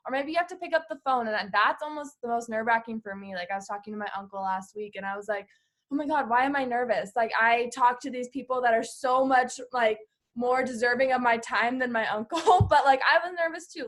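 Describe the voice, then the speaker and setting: A woman hosts a team video call in a slightly high voice. She gushes and fills her speech with "like," keeping everything casual and encouraging. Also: fast, a bit bright. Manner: gushing, heavy use of "like".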